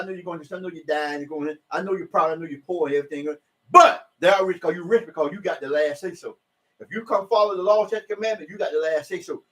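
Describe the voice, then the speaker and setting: High-voiced man preaching with emphatic shouts. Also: expressive, a little fast. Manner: emphatic, rising to shouts on scripture verses; loose, repetitive street-preacher talk. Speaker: self-styled preacher. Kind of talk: informal scripture preaching.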